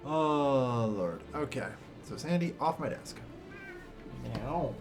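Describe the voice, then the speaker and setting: A young man streaming a strategy game, ranting and swearing in loud exasperated bursts, then muttering to himself. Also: mid-range voice, lively intonation, slow, over music. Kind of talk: casual game stream commentary.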